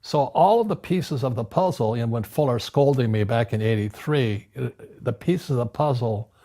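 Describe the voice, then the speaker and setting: A man in his seventies from Hawaii, a guest in an interview, telling animated stories with frequent restarts and repeated words. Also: mid-range voice, moderate pace. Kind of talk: storytelling conversation. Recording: music playing underneath.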